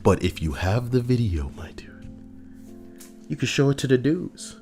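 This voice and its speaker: A man hosting a video, delivering an animated, profane commentary rant. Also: unhurried, soft background music. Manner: animated, profane, swinging up and down in pitch. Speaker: video host.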